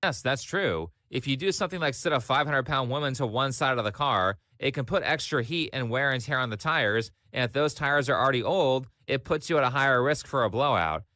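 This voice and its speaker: A man narrates a scripted commentary in a flat, matter-of-fact tone. His voice is bright and forward, and it sits on a dry, close recording with no room sound. He keeps an even, measured delivery throughout. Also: medium pitch, no echo.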